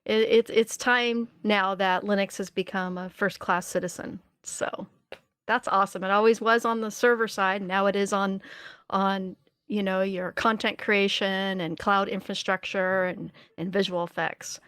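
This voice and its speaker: Slow-talking woman co-host, upbeat. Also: medium pitch, fairly even intonation, a bit bright, smooth, no room sound, studio quality. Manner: laughs often, upbeat. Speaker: podcast co-host. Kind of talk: casual tech chat. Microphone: studio mic.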